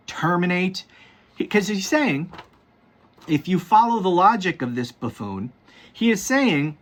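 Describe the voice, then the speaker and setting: A man's voice: a little high, fairly bright tone. Profane, exasperated political commentator man. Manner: profane, exasperated, repeats his words. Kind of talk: casual political rant.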